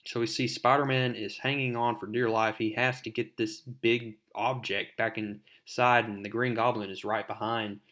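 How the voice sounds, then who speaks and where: Guy recapping a comic, easygoing and rambly, mid-pitched, lots of "i mean". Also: flat delivery, normal speed, hardly any pauses, a bit bright. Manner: loose, rambling, many "I mean" fillers. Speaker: comic book video host. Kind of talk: casual comic book recap.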